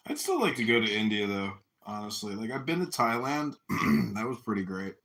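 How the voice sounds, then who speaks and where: A man with a lowish voice chats on a podcast. He tells crude, profanity-laced travel stories in a loose, rambling way. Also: sing-song, normal speed, a bit bright. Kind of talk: casual podcast chat.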